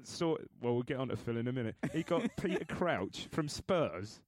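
A man's voice: medium pitch, sing-song, moderate pace, dry recording. A man co-hosting a podcast, bantering playfully and easily surprised. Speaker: podcast co-host. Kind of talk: casual chat.

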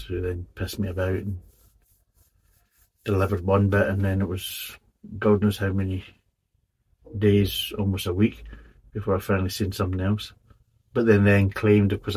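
A lowish, husky male voice talks through a beer review in a loose, rambling way. He is blunt, exasperated and swears freely as he picks the drink apart. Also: a little mellow. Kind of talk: casual spoken review.

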